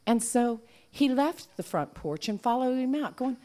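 A woman telling a folk tale aloud to a live audience in an animated, folksy way. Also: on the high side, moderate pace. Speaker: storyteller. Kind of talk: live oral storytelling.

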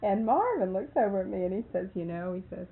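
Woman, low gravelly voice, folksy rambling storyteller, tinny phone line with faint hiss. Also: lively intonation, fast talker. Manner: folksy, rambling, laughs often. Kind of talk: casual storytelling.

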